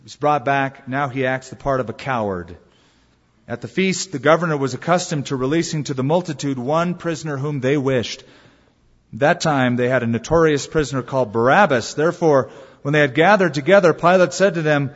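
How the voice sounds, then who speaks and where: A man's voice: medium pitch, moderate pace. A man preaching a sermon, telling the story dramatically with rhetorical questions. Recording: dull reverberant hall recording.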